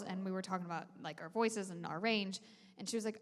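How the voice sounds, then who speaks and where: A woman's voice: mid-range voice, fairly even intonation, fairly quick. A woman who is a voice actress, chatting on a convention panel in a giggly, chatty way with many ums. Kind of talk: casual convention panel chat. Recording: echoey convention hall.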